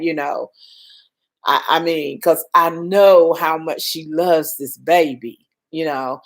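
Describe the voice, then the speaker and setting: A shaken older woman hosts a casual live stream and speaks slowly in a lowish voice. She answers viewers' comments with reassurance while she tries to settle her nerves. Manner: emotional, reassuring, reads viewer comments aloud. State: shaken, calming down.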